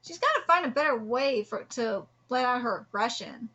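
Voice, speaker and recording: A woman's voice: on the high side, sing-song, normal speed, sharp tone, dull audio. A woman hosting a live manga reaction, talking in an earnest, heartfelt way and rambling with restarts. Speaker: host reacting to a manga chapter.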